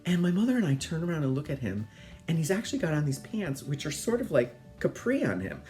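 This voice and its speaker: Middle-aged male host, chatty storyteller, mid pitch, very lively intonation. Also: fast, faint music behind. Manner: animated, chatty, laughs often. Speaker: podcast host. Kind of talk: casual storytelling.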